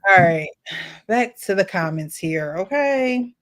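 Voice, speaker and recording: A woman's voice: mid-range voice, lively intonation, takes it slowly, a bit bright. A woman hosting a casual panel chat, playful and teasing. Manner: playful, teasing, laughs often. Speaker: host.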